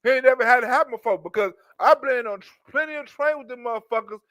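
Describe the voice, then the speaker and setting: A man rants in a comedic reaction, profane and animated, playing up mock outrage. His voice is high and bright, recorded dry and close to the mic. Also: fast talker, no echo. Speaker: commentator.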